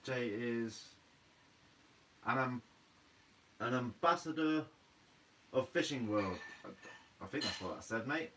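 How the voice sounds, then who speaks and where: A man's voice: medium pitch, a bit bright, recorded from a distance, rough recording. A young man from Guernsey with a Guernsey accent, hosting a fishing channel's live Q&A, reading out comments in a laid-back, slightly sleepy way and calling everyone "mate". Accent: Guernsey English.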